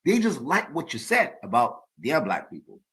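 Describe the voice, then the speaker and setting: A man in the host's chair talking straight into his own podcast, pressing every point hard. His voice sits at an ordinary middle pitch, and he doubles back on words when he gets worked up. It sounds like a solo opinion segment, not a conversation. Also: huge pitch swings, moderate pace, fairly bright tone. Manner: emphatic, repeats words when building a point. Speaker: podcast host. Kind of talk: opinion monologue.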